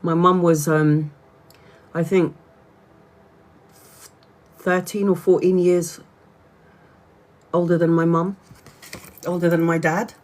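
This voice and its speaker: A woman's voice: fairly low pitch, flat delivery, takes it slowly, long pauses, a little mellow. A woman from Brazil hosting a casual livestream. She talks chattily, laughs often and restarts her sentences. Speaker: tarot reader livestream host.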